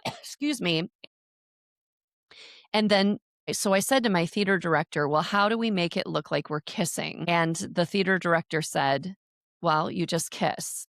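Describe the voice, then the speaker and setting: A woman recounts her own story in an earnest, halting way, often stopping and restarting her sentences. Her voice sits fairly low for a woman. The sound is dry and close, with no room echo. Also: fairly bright tone. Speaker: interview guest. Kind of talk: personal storytelling.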